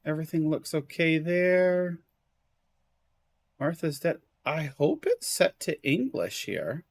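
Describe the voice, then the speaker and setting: A man's voice: on the high side, very animated, slow pace, creaky, no room sound. A man live-streaming a video game, chatting casually with viewers, exclaiming at the graphics and apologizing for hiccups.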